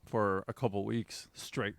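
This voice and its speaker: A man co-hosting a podcast, telling a raunchy story in casual chat, animated and swearing freely, with bursts of laughter. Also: fairly low pitch, measured pace, gravelly, no room sound, studio quality. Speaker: podcast co-host.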